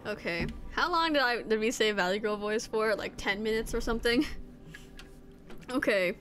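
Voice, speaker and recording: A woman's voice: on the high side, normal speed, fairly bright tone, faint music behind. A woman streamer giving playful, giggly commentary while playing a video game. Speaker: VTuber streamer. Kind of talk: casual gameplay commentary.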